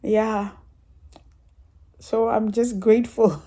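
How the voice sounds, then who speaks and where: A woman's voice: medium pitch, fairly even intonation, a little slow, long pauses, mellow. A woman giving a casual, rambling church testimony, chatty and a little emotional. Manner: chatty and rambling, with frequent laughs and some emotion. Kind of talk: casual spoken testimony story.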